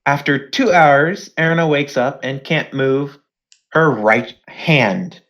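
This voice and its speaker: Slow-talking low-voiced woman narrator. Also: big pitch swings. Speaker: storyteller. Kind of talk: casual fan role-play narration.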